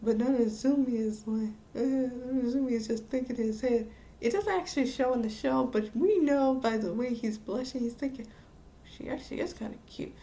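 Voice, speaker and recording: A woman's voice: fairly high pitch, moderate pace, dark tone. A woman reviewing an anime episode in a casual, rambling recap, restarting her sentences often. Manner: rambling with frequent restarts and laughs.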